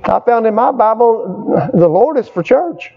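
Older man preaching with a high voice. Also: expressive, a little slow, creaky, crowd noise. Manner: call-and-response preaching, prompting the congregation for amens; repetitive, emphatic phrasing. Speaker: pastor. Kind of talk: sermon. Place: church service with a responding congregation. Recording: dull lo-fi recording.

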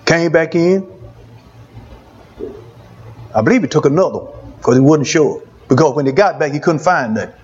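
A man's voice: fairly high pitch, animated, moderate pace, long pauses, darkish tone, lo-fi sound, a little hiss or hum. A man preaching a testimony sermon, repeating phrases for emphasis.

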